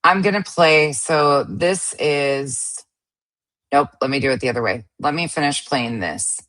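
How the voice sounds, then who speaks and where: A woman's voice: deep voice, measured pace, a bit bright. A woman hosting a commentary show, reacting to clips in a blunt, irritated way and swearing casually. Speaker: commentary host.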